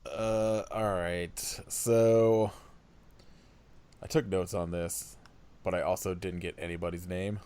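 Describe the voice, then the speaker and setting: A man's voice: low-pitched, level tone, slow, mellow, clear, resonant tone. A man co-hosting a podcast, chatting loosely about a film with dry sarcasm. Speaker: podcast co-host. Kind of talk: casual film-review chat.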